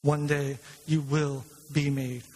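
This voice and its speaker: A male pastor preaching a sermon in a church, asking the congregation questions and telling stories in a lively way. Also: on the high side, takes it slowly, slight background noise. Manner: retells a film scene with lively storytelling. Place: church sanctuary. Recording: long reverb of a large hall.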